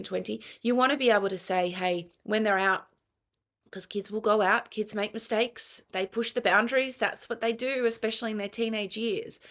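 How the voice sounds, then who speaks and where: With a gravelly, mid-range voice and an Australian accent, a middle-aged family and child counselor talks through parenting in a conversational interview. She's earnest and explanatory, often acting out quoted dialogue.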